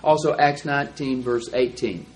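A man teaching a Bible class, explaining verses and reading them out slowly and deliberately. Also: mid-range voice, fairly even intonation, a little hiss or hum, poor audio.

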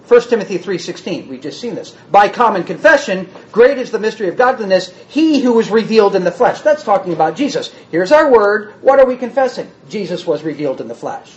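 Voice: medium pitch, sing-song, brisk, hardly any pauses, lo-fi sound. A Bible teacher giving a word-study lesson, reading verses aloud and then restating them in plain words.

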